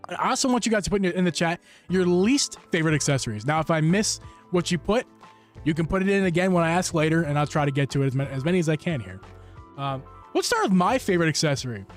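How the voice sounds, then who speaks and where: Chatty male streamer over background music. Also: high-pitched. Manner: rambling, self-interrupting, enthusiastic shout-outs. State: hot and sweaty. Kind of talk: casual live-stream chat. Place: room at home.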